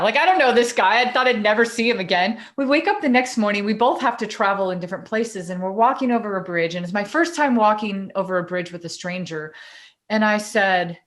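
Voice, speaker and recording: A woman co-hosting a podcast, telling a personal story in a chatty, animated way. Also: medium pitch, brisk. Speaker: podcast co-host and coach. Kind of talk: casual storytelling in conversation.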